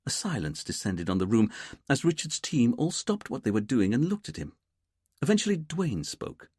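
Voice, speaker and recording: A man narrating an audiobook mystery in a measured, wry way. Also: mid-range voice, sing-song, a little mellow, husky, dry recording, studio quality. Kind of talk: scripted narration.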